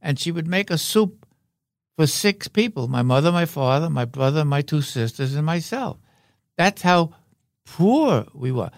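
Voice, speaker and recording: An older man, a veteran actor and podcast guest, telling rambling, wry anecdotes with halting fillers. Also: a little high, big pitch swings, creaky, dry recording, studio quality. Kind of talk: anecdotal interview talk.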